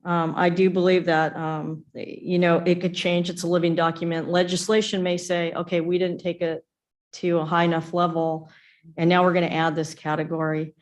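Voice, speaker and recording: Woman commissioner; even, low delivery with frequent ums. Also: moderate pace. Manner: hesitant, many ums. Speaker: commission member. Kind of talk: meeting discussion.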